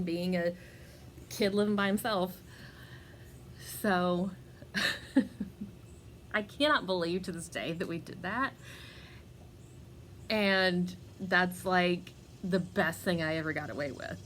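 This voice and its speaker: Woman, podcast host, relaxed storyteller; lowish, slow delivery, chatty with frequent laughs and fillers. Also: a little hiss or hum. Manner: chatty, laughs often, many fillers and restarts. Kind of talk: casual personal storytelling.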